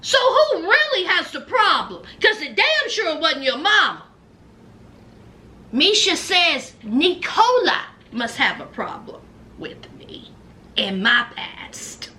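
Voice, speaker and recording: High, lively woman with sassy commentary. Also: takes it slowly. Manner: sassy, animated, laughing. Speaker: reaction vlogger. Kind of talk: casual reality-show commentary.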